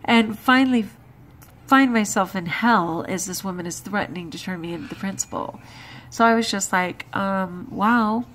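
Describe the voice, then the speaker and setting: A woman's voice: medium pitch, moderate pace, a bit bright. An exhausted woman talking through her day in a chatty, emphatic personal vlog. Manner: chatty, emphatic, with frequent laughs and exclamations. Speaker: vlogger.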